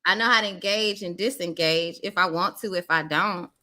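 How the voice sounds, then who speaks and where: A woman content creator speaks frankly as a podcast guest. Her delivery is lively and playful, with an open, conversational manner. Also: on the low side, normal speed, slight background noise. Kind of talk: casual chat.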